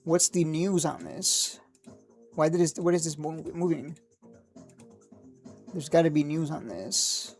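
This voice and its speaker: A man hosting a stock trading livestream, talking casually and excitably, rambling, cursing now and then, and laughing at his own jokes. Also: on the high side, measured pace, long pauses, soft background music. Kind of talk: live market commentary.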